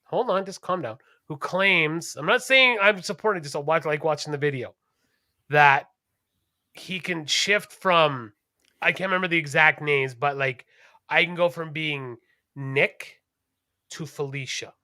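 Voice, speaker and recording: Man, podcast co-host, high voice, very bright, rambling, cursing, casual chat. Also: unhurried, no echo, clean studio sound. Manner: animated, rambling and profane.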